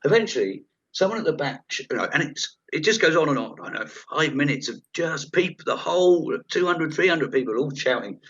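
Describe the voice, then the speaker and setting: A comedian telling stage anecdotes in a chat interview, rambling and lively, acting out the voices of people in the story. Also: male voice, a little high, fairly quick, few pauses, husky. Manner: rambling, animated, acts out quoted voices. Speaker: comedian guest. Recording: dull lo-fi audio.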